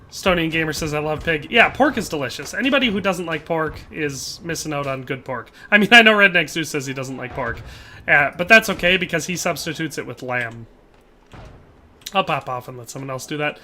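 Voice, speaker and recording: Young male streamer, casual gameplay chatter, bright tone, headset mic, faint noise behind. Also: a little high. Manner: chatty, laughs often, trails off mid-sentence. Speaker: livestreamer. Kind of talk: casual gameplay commentary reading chat.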